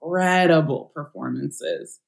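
A woman co-hosting a casual chat, animated and playful, laughing often and using teasing slang. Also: low voice, unhurried, gravelly. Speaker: podcast co-host. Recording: roomy echo.

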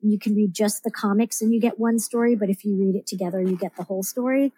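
A comics writer guests on a casual podcast, rambling about her writing with plenty of fillers and restarts. She speaks quickly in a medium-pitched, mellow, husky voice with fairly even intonation, and there's no echo.

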